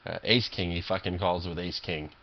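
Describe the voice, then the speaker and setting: A man's voice: sits low, steady tone, normal speed, creaky, muffled recording. A man commentating his own online poker games, irritable and swearing, rambling with lots of fillers and restarts. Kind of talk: profane live game commentary.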